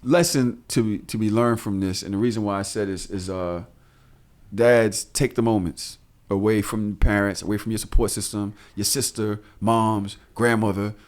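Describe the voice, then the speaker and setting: A man, co-hosting a podcast and telling loose, profane stories full of animated asides. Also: on the low side, moderate pace. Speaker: podcast co-host. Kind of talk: casual podcast chat.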